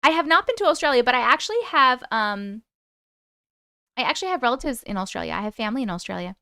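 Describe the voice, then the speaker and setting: A young woman chats casually on a live stream, reacting to comments and laughing often. Her voice sits a little high and comes across bright and smooth. The sound is dry and close. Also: big pitch swings, fast, no echo. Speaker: YouTube live host.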